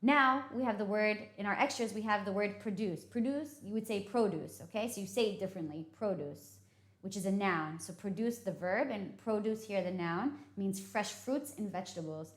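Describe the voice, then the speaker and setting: This American woman speaks briskly in a medium pitch, hardly pausing at all, during an English vocabulary lesson. She explains things patiently and repeatedly checks understanding with "okay?", and the recording echoes.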